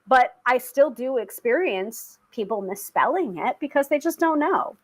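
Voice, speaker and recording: A chatty young woman tarot reader hosting her weekly live stream. She speaks in a fairly high voice, rambling casually with plenty of fillers and quick laughs. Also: lively intonation, rough recording. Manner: chatty, laughs often, many fillers and restarts.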